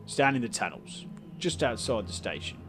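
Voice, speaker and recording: A male player reads dialogue as a game councillor, a big bearded man with a Cockney accent who sounds calm and welcoming. His mid-range voice moves up and down in a lively way at normal speed, lightly acted over music.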